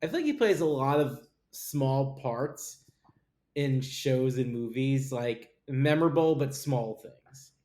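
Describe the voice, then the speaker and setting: A man's voice: medium pitch, animated, takes it slowly, dark tone. Male co-host, agreeable and easygoing, roomy echo on the mic. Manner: agreeable, lots of short backchannels. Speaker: podcast co-host. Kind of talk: casual panel chat.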